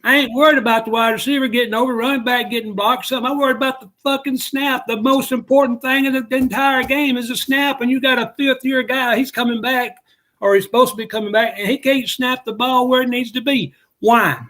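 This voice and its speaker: A man complaining in an exasperated, rapid-fire way as a sports talk co-host. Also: very high voice, fairly even intonation, sharp tone, rough recording.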